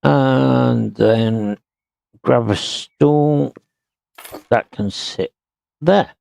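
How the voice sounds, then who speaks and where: A man streaming a house-renovation game, muttering slowly to himself as he places items. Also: mid-range voice, creaky, dark tone, no room sound. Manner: slow, muttering to himself while working. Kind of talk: casual gameplay commentary.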